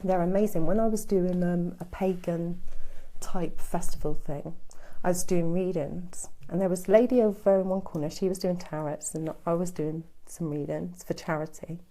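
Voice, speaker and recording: Soothing low-voiced woman medium. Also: steady tone, normal speed, dark tone. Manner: soothing, calls listeners sweetheart and darling. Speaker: psychic medium. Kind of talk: casual live-stream readings.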